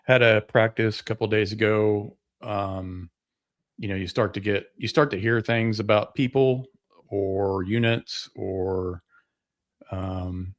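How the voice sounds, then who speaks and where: A man co-hosting a sports podcast, chatting in a relaxed, rambling way with plenty of fillers. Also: lowish voice. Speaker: podcast co-host. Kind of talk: casual sports chat.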